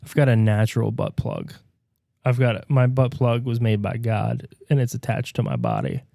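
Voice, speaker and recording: A man doing an impression of a smug, boastful male movie star in a low, slow, self-satisfied murmur. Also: animated, gravelly, warm tone, no echo, clean studio sound. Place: bedroom.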